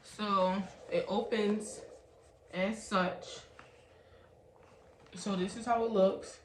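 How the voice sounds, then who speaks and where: Young woman vlogger, slow and chatty, faint hiss behind her. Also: mid-range voice, fairly even intonation. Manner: chatty, keeps addressing viewers as "y'all". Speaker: beauty vlogger reviewing a product. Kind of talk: casual unboxing review. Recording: echoey room with faint background hiss.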